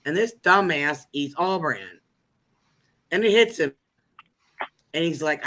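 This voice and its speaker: A woman's voice: deep voice, a little slow, long pauses. A woman telling a funny story in casual live chat, laughing through it. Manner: animated, laughs through her stories.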